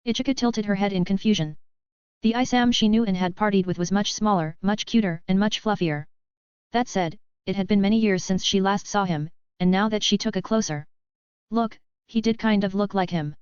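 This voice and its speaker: Female light-novel narrator with a steady read; crisp, dry, close recording. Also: mid-range voice, normal speed, no room sound. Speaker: audiobook narrator. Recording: dry, slightly dull lo-fi.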